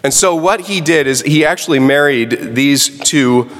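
A pastor preaching a sermon, asking rhetorical questions and swinging his pitch widely for emphasis. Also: a little slow, fairly bright tone, in a large hall.

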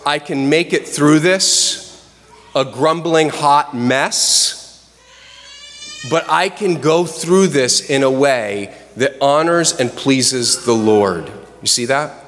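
A man's voice: a little high, a bit bright, a little hiss or hum. Preaching man in an echoing hall. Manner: conversational, asks the congregation direct questions; slows down for emphasis. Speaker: pastor. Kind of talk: sermon.

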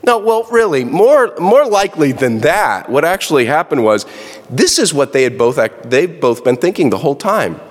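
A man's voice: medium pitch, big pitch swings, normal speed. A man preaching a sermon as a pastor, talking in a conversational way and correcting himself as he goes. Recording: long reverb.

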